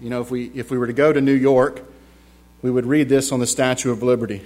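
Man preaching a sermon, hushed to emphatic. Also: medium pitch, fairly even intonation. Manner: slows down for emphasis, with restarts.

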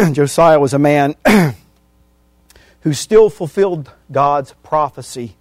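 A man preaching a sermon, reading scripture verse by verse and repeating phrases for emphasis, his voice swinging from loud emphatic peaks to hushed endings. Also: on the high side, expressive, takes it slowly, dry recording.

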